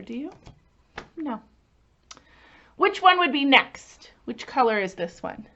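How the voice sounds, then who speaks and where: A woman children's librarian leading a story time lesson, animated and singsong, asking the children questions as she goes. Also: high voice, slow, long pauses, dull audio.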